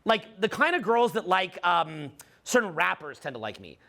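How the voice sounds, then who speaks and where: High, bright-voiced man talking to an audience. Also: big pitch swings, normal speed, gravelly. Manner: emphatic, repeats phrases, many fillers. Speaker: dating coach speaking to a live audience. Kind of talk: animated seminar talk.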